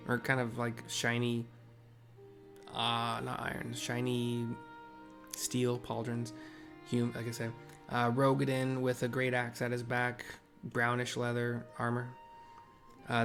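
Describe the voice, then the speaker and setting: A man casually narrating and describing a game scene, rambling and often correcting himself. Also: mid-range voice.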